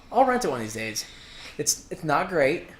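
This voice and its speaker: Co-host, male, loose and profane, laughs a lot, slightly high voice, echoey room. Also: big pitch swings, takes it slowly, a little hiss or hum. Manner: crude, swears freely, laughs often. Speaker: podcast co-host. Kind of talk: casual chat. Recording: roomy echo.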